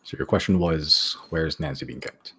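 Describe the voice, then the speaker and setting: A man narrating as game master of a tabletop game, describing scenes haltingly with many fillers. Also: very deep voice, steady tone, sharp tone, breathy edge.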